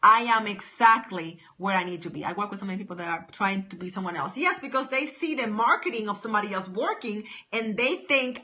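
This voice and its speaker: Exuberant, emphatic woman coach, bright voice. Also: a little high, expressive, normal speed. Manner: emphatic, exuberant, repetitive exhortations. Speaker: business coach. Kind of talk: live-stream motivational talk. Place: home office.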